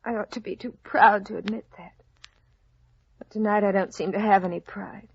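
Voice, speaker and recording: An actress playing a gentle, heartbroken young woman who speaks in a soft, earnest way, in 1940s radio acting on a dull old radio broadcast. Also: medium pitch, steady tone, moderate pace, gravelly, husky.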